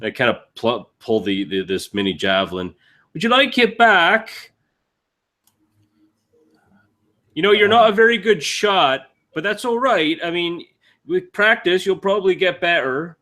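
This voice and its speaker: A man's voice: sits high, lively intonation, normal speed, pushed and bright, voice pushed up. A man voicing a naive, friendly young male wanderer who talks in an earnest, stammering way. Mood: chirpy. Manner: earnest and chatty, stammering apologies.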